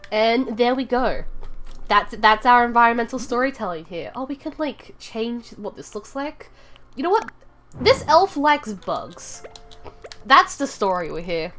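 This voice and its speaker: A woman's voice: medium pitch, a bit bright. A woman streaming from her room, chatting casually with viewers and thinking aloud as she builds in a game, rambling and giggly. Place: home room.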